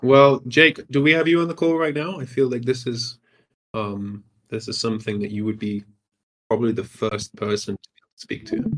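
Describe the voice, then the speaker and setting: A man's voice: medium pitch, flat delivery, moderate pace, fairly bright tone. A man talking as a subnet developer on a voice call, thoughtful and full of fillers and restarts. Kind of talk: casual chat on a voice call.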